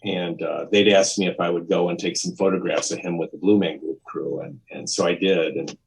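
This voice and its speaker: A man's voice: deep voice, steady tone, a little fast, creaky, slight background noise, rough recording. A man in his fifties, a podcast guest, telling a long story in a rambling conversational way, with restarts and acted-out quotes. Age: 50s. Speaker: podcast guest, music photographer.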